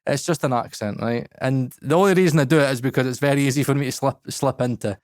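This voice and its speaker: Scottish man, casual podcast chat, blunt, sweary, mid pitch, dry sound. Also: fast talker, hardly any pauses, a little mellow, dry recording. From Scotland. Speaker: podcast co-host.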